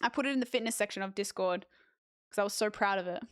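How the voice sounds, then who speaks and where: A young Australian woman chatting casually with viewers as a streamer, lively with animated asides. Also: medium pitch, fast, no echo, clean studio sound. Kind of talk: casual chat reading viewer messages.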